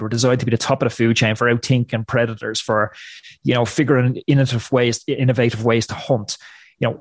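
A man speaks as a guest on a podcast interview, delivering his points with punchy, motivational emphasis. His voice sits in a middle range, and the recording is dry and close.

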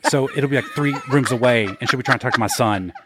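A man's voice: mid-range voice, fast talker, background noise. A man co-hosting a podcast, bantering and joking in casual chat. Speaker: podcast co-host.

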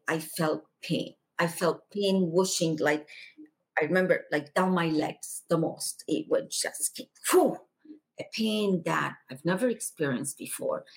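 Slow, gravelly-voiced woman telling her story. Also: deep voice. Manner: earnest, hushed when telling the quieter moments. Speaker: podcast guest. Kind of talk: personal testimony storytelling.

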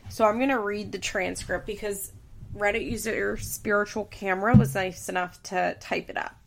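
Podcast lady rambling casually, lots of "like", creaky fry in her voice. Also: medium pitch, fairly even intonation, moderate pace, a little hiss or hum. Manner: chatty, heavy on fillers like "like" and "you know". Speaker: podcast host. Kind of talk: casual commentary.

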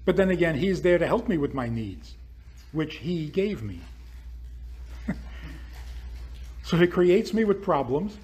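Animated, slow-talking man with lively pitch. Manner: rhetorical questions, animated. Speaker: podcast host. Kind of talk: spiritual talk.

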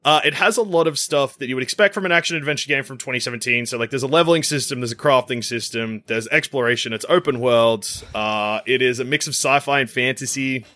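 Bright-voiced man in casual chat. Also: mid-range voice, quick pace, few pauses, dry recording. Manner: rambling, jokey. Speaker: podcast co-host.

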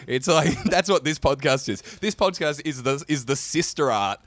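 A man's voice: on the high side, lively intonation, moderate pace, few pauses, a bit bright, no echo. A man co-hosting a podcast, joking drily and reading passages aloud in casual banter. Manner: dry, joking, reads aloud. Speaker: podcast co-host.

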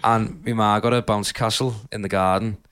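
A man's voice: on the low side, fairly even intonation, a little fast, a bit bright, clean tone. Laughing young man telling stories. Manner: rambling, laughing storyteller with many fillers. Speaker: podcast co-host. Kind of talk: casual storytelling chat.

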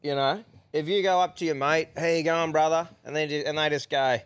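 A man's voice: fairly high pitch, brisk, fairly bright tone, clear, resonant tone, no echo. Australian man, young, podcast host, crude swearing, dry close sound. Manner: crude, laughing, swears freely. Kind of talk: casual chat.

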